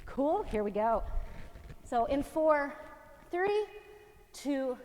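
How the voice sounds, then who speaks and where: A woman's voice: high-pitched, sing-song, extremely slow, mellow, long reverb tail, a little hiss or hum. A woman fitness instructor coaching a home workout, encouraging and counting reps aloud while out of breath. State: out of breath, winded.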